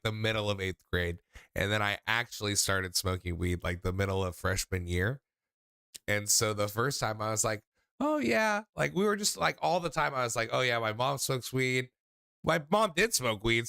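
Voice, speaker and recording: A young man runs a call-in show in a casual, rambling way, full of "like" and restarts. His voice is bright and crisp, recorded very dry and close. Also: mid-range voice, no room sound. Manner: loose, rambling storytelling with many fillers. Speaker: host taking calls.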